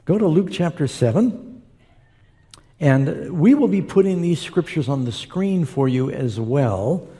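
A man preaching in a church hall, his fairly high, mellow voice trailing off into long reverb. He reads scripture aloud and breaks off for relaxed, conversational asides to the congregation. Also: unhurried, slightly rough. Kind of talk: sermon with scripture reading.

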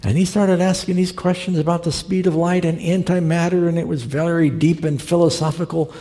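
A man delivers a sermon in a gravelly, darkly mellow voice, moving between scripture and a told story in an earnest, conversational manner. His words ring out with the long reverb of a large hall. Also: on the high side, fairly even intonation, brisk. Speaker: preacher.

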